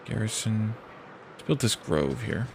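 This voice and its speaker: A man with a lowish, creaky voice and lively intonation streams a strategy game, thinking out loud in a casual let's-play style. He hesitates, pauses and restarts, and reads event text off the screen, with background noise audible.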